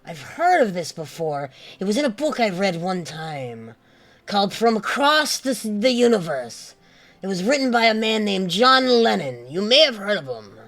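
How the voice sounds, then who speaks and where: Tabletop player, male, high voice, slow and theatrical, faint music behind. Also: big pitch swings, a bit bright. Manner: rambling, mock-grand pronouncements. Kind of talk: in-character roleplay.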